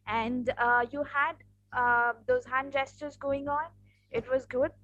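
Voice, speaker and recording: A woman's voice: high voice, pushed and bright, highs cut off. A woman giving encouraging, emphatic feedback on a speech over a video call. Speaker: speech evaluator. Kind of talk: casual spoken feedback.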